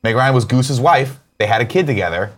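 A man's voice: mid-range voice, expressive, brisk. A man co-hosting a casual morning show, talking animatedly, swearing freely and acting out movie quotes. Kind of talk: casual chat.

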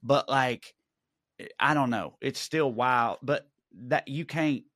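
A man's voice: mid-range voice, slow pace, fairly bright tone, no room sound, clean studio sound. A man from the American South with a Southern accent, co-hosting a podcast in casual chat, rambling and swearing with many restarts. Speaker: podcast co-host.

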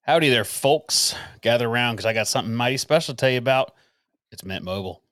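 A man's voice: medium pitch, animated, fast talker, a bit bright, dry recording, studio quality, natural voice. A man reading as a folksy mountain man. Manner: reads the ad text aloud with folksy wording and playful emphasis. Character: folksy male Appalachian mountain man pitching a deal.

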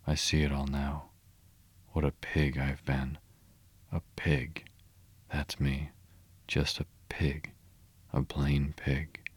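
A kindly male water rat from a storybook, hearty and a little commanding, as a man reads him aloud. The voice is extremely deep and steady, with a dry, close sound. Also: measured pace, pauses often, no room sound.

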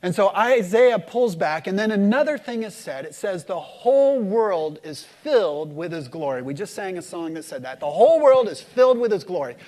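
A man preaching a sermon to a congregation, swinging from loud emphatic lines to hushed, slow ones and leading the room in call-and-response. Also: high-pitched, animated. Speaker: pastor.

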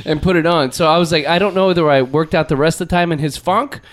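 A man co-hosting a podcast, an animated storyteller in casual chat who swears freely and restarts his sentences. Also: on the high side, quick pace. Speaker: podcast co-host telling a story.

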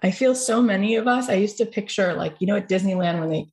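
A woman's voice: mid-range voice, quick pace, darkish tone. A woman hosting an interview podcast, talking in an effusive, storytelling way. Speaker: podcast host. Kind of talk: conversational interview.

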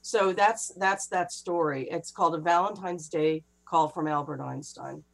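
A middle-aged woman author, a guest on an interview, telling a personal story in a lively rush with laughing asides. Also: on the low side, creaky, rough recording. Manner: breathless, laughing retelling with quick asides. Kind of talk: animated anecdotal storytelling.

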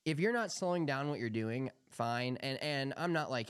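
A man's voice: medium pitch, animated, normal speed, smooth, no echo, studio quality. A young man co-hosting a podcast, telling rambling, profanity-laced stories in casual chat. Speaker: podcast co-host.

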